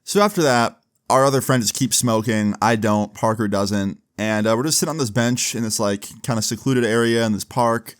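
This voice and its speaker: A man's voice: medium pitch, normal speed, no room sound, clean studio sound. A man telling a casual storytime in a laid-back way, swearing often and filling his speech with 'like'. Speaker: storyteller vlogger.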